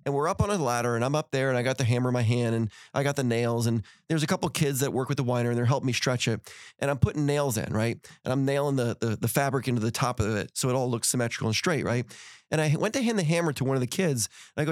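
A man's voice: mid-range voice, lively intonation, quick pace, no echo, clean studio sound. A man telling a motivational story on a podcast, speaking with energy and acting out the dialogue in his stories. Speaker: podcast guest and author.

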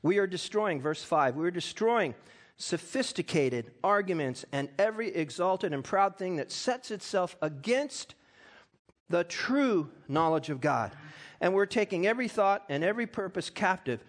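A middle-aged man preaching from the pulpit in a high, ringing voice. He reads scripture and tells stories, and his voice climbs into loud, fervent peaks. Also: expressive, moderate pace. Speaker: pastor. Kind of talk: sermon.

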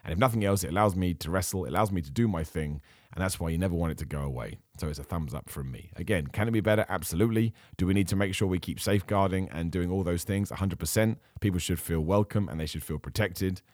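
A man hosting a casual podcast, reading out viewer questions and answering them with chatty enthusiasm while his voice turns hoarse. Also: sits low, fast talker, a little mellow, no room sound, studio quality. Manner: enthusiastic, chatty, frequent fillers and restarts. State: losing his voice. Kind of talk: casual chat.

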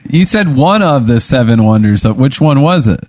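A man playing a character in an improvised comedy role-play, answering with quick playful quips. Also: mid-range voice, expressive, darkish tone, no echo. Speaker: player.

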